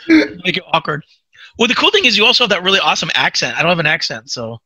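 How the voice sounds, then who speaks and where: A man hosting a podcast, chatting casually and telling stories in an animated, chatty way. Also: a little high, fast talker. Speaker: podcast host. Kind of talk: casual chat.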